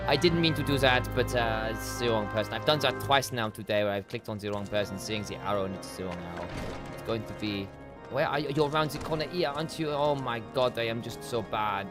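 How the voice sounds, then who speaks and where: A man's voice: mid-range voice, moderate pace, music in the background. A man streaming a game and muttering commentary to himself as he plays. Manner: muttering to himself while playing. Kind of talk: gameplay commentary.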